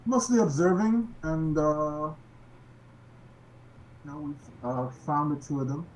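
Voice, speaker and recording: A man's voice: a little high, takes it slowly, darkish tone, slight background noise, rough recording. Hesitant male tabletop player. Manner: hesitant, with many fillers. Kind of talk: casual tabletop game play.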